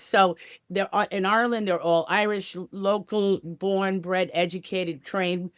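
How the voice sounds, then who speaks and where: In an enthusiastic travel podcast interview, a woman representing a tour company chats upbeat and casually, adding many asides. Her fairly low voice moves at normal speed, recorded dry in studio quality.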